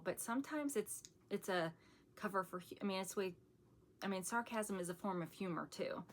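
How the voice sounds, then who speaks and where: A middle-aged woman chatting casually on her channel as she shows off a shopping haul, rambling and laughing often, and calling herself sarcastic. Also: medium pitch. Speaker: vlogger showing a shopping haul.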